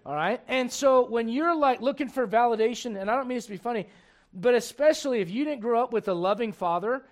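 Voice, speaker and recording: A man's voice: very high voice, brisk. A man preaching a sermon in an emphatic, conversational way, full of rhetorical questions.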